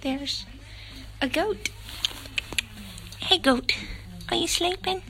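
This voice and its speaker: A woman's voice: very high-pitched, extremely slow, gravelly, rough recording. A woman in her twenties with a Southern US accent, chatting cheerfully on a family vlog and calling out to her kids. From northern Mississippi, US. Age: 20s. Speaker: family vlogger. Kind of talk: casual vlog narration. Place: outdoor farm and pumpkin patch. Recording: outdoor noise behind the voice.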